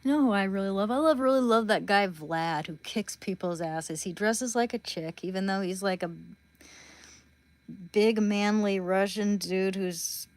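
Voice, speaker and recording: A woman's voice: medium pitch, a little slow, no echo. A woman hosting a livestream, chatting casually and bluntly with her viewers. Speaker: livestream host.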